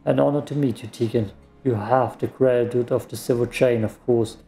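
Man reading a formal female order leader, measured, mellow. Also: medium pitch, steady tone, creaky, soft background music, lightly acted.

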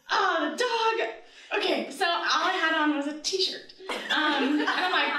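A woman's voice: very high voice, lively intonation, a little slow, pushed and bright. A woman telling a true story live on stage, chatty and giggly, with many ums. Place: live stage event before an audience. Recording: very echoey venue, distant mic, audience audible.

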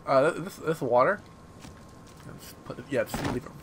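A man's voice: medium pitch, moderate pace, a little hiss or hum. A young man giving casual, goofy and crude gameplay commentary. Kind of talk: casual let's-play commentary.

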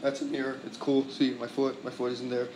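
A man vlogging a teardown in an excitable, rambling way, sweaty and worked up, full of exclamations. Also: medium pitch, brisk, noisy background. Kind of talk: excited casual teardown vlog.

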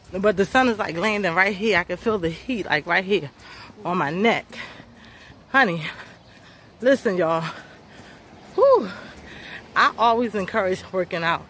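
A woman's voice: medium pitch, fairly bright tone, a little hiss or hum. Breathless woman vlogging on a walk. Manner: encouraging, chatty, calls viewers honey and y'all. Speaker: fitness vlogger. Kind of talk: casual motivational vlog while walking. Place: outdoors on a sunny neighborhood street.

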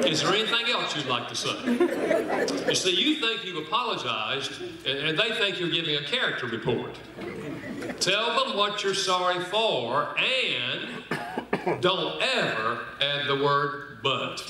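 A man giving a church seminar talk, folksy and humorous, slowing down to stress his points. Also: fairly high pitch, sing-song, pushed and bright. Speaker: speaker on marriage and apology. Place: large echoing hall. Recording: very echoey hall.

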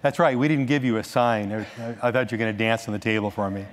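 A man's voice: on the low side, fast talker, slight background noise. Man speaking in an echoey hall. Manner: animated, thinks aloud with restarts and asides. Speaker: conference speaker. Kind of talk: conference talk. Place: large conference hall.

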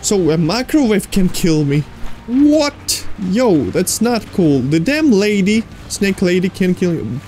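A man playing a horror video game, reacting out loud, talking to its characters and swearing mildly between loud outbursts and nervous laughs. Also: sits high, big pitch swings, slow, a little hiss or hum. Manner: jumpy, talks to the game characters, mild swearing. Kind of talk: let's play commentary.

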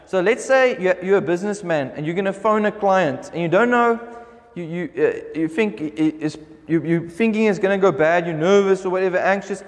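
A man preaching a sermon as pastor, speaking emphatically and slowing right down whenever he reads scripture aloud. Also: high voice, long reverb tail. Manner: emphatic preaching, slows down when reading scripture. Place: church hall.

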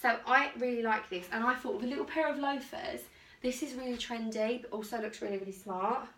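A woman's voice: a little high, steady tone, fairly quick, fairly bright tone, a little hiss or hum. Chatty woman trying on clothes. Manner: chatty, self-deprecating, rambling. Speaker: vlogger. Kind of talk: casual try-on haul chat. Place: home bedroom.

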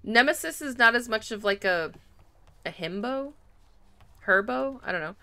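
A woman's voice: on the high side, animated, normal speed, pushed and bright, clear, resonant tone, no echo. A young woman streaming a video game, chatty and giggly as she reacts to her chat. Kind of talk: live gameplay commentary.

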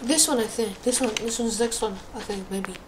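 Speaking fairly quickly in a voice on the high side, a woman streams live commentary on a horror game. She is easily spooked and exclaims often, and background noise is noticeable.

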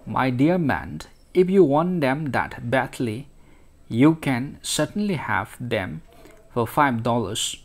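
A man's voice: mid-range voice, big pitch swings, slow, exaggerated voice. A man voicing a plump, fussy male shopkeeper eager to sell, while reading a story aloud.

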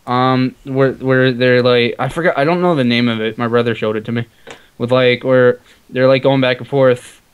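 A man's voice: medium pitch, fairly even intonation, moderate pace, clear, resonant tone, narrow, tinny audio. A man playing a block-building game with a friend, rambling and giggling with lots of "like". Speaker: co-player. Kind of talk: casual gaming chat over voice call.

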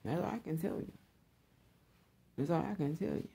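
A woman's voice: deep voice, normal speed, creaky, mellow, slightly rough. A woman hosting her own online show, giving a blunt, profane opinion monologue and repeating her points.

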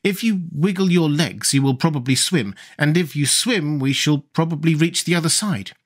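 A man's voice: expressive, moderate pace. A man voicing an earnest, sensible young boy in a storybook reading. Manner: earnest, slightly higher voice.

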